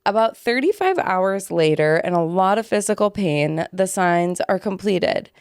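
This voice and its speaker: A young adult woman co-hosting a podcast, chatting casually and reading listener stories aloud in a relaxed, offhand way. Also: mid-range voice, unhurried, clear, resonant tone, no room sound, clean studio sound. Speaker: podcast co-host.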